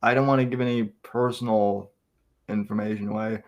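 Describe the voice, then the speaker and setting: A man's voice: fairly low pitch, fairly even intonation, a little fast, muffled recording. A man co-hosting a podcast, chatting casually and often restarting his sentences. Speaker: podcast co-host.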